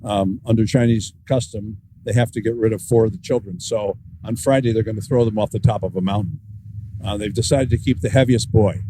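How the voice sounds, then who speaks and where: A man, an author guest, telling wry anecdotes with dry humor in a relaxed storytelling style. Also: on the low side, fairly quick, a little hiss or hum, poor audio.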